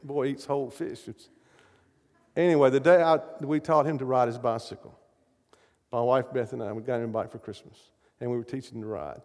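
A man's voice: medium pitch, steady tone, a little fast, a little mellow, long reverb tail. A middle-aged man preaching a sermon, emphatic and often asking his audience questions.

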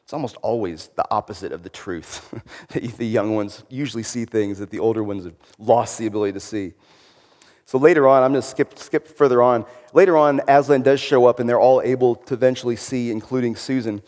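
A man giving an informal sermon-style talk, reflective and conversational, often trailing into quieter phrases. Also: medium pitch, a little fast, big-room sound.

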